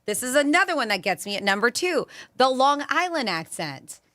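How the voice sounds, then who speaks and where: A woman's voice: high-pitched, big pitch swings, normal speed, sharp tone, no room sound. A woman co-hosting a radio show in casual chat, reading a survey list and laughing now and then. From Florida. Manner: chatty, laughs, reads off a list. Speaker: radio co-host.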